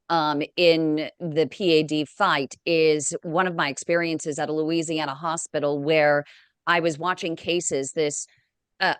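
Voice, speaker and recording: A woman's voice: deep voice, smooth, no room sound. Heartfelt woman telling a personal story. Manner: heartfelt, emotional, tearing up at times. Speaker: founder of a patient advocacy group. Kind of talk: panel discussion, personal storytelling.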